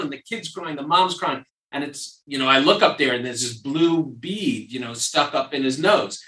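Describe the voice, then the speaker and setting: A man from New York hosts a casual podcast as a surgeon and tells stories with lively repetition. His voice is bright and forward. He sounds a little off the mic, in a roomy, echoey space. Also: fairly high pitch, normal speed, far from the mic. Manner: animated storyteller who repeats phrases for emphasis. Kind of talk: casual podcast chat and storytelling.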